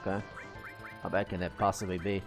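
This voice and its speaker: A man's voice: low voice, level tone, fairly quick, music in the background. A man giving chatty, self-amused commentary while playing a game on a live stream.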